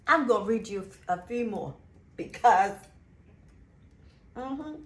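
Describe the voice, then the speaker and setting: A woman host, reading Bible verses in a casual faith talk, animated and emphatic, repeating phrases. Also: fairly high pitch, reverberant. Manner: animated, emphatic, drawn-out repetitions. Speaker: show host.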